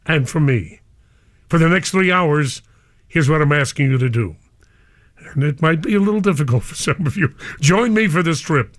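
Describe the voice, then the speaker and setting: A man's voice: on the high side, fairly bright tone, dry recording, clean studio sound. An older man, a radio DJ, speaking live and emotionally to his listeners, whom he calls cousins.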